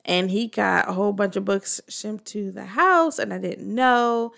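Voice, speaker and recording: Woman, gravelly fry, casual storyteller who acts out the quotes. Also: a little slow. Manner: animated storytelling, acting out quotes with pitch jumps. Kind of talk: casual chat.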